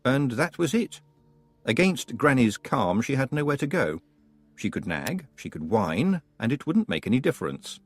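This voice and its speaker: A man narrating a fantasy audiobook with expressive, wry storytelling. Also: medium pitch, moderate pace, no echo. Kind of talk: scripted narration.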